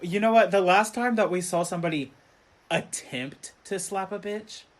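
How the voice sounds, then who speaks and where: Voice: medium pitch, normal speed. A young adult co-hosting a podcast, chatting casually about a TV drama in sassy, slang-heavy talk and laughing often. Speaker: podcast co-host. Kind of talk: casual chat recapping a TV drama.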